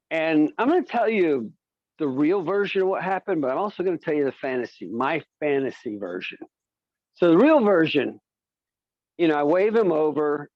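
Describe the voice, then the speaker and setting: Animated stand-up comic with a drawl. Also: male voice, a little high, dry recording, muffled recording. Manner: animated storyteller slipping into silly voices. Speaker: stand-up comedian. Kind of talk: stand-up comedy set.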